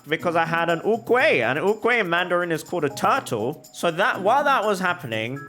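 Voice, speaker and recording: A young man chatting while he plays, spinning an embarrassing anecdote with big comic exaggeration. His voice sits a bit high and comes across bright and forceful. Faint music plays underneath. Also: fairly quick, few pauses. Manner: animated, exaggerated comic storytelling. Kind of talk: casual storytelling while gaming.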